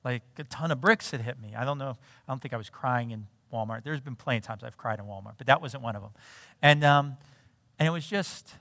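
Man, middle-aged, pastor, animated sermon story, mid pitch, dry sound. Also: brisk, vocal fry, no echo. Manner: animated storytelling, acts out dialogue. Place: church sanctuary.

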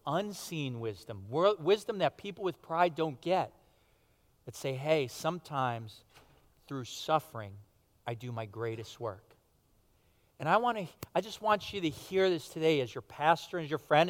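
A pastor preaching a sermon to his congregation, conversational and emphatic, rising to stress points and dropping to quiet asides. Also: a little high. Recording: long hall reverb.

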